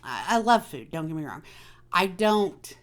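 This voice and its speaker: A woman's voice: on the low side, big pitch swings, a little slow. A woman hosting a casual personal chat, talking candidly and confidingly with many fillers. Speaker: vlog host.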